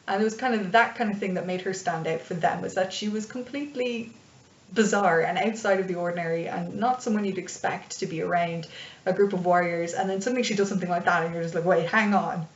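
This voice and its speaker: A woman's voice: fairly low pitch, fast. A young woman who runs tabletop games, chatting loosely about her campaign with lots of fillers. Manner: chatty and rambling, with many fillers. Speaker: dungeon master. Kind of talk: casual advice vlog. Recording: echoey room, distant dull mic.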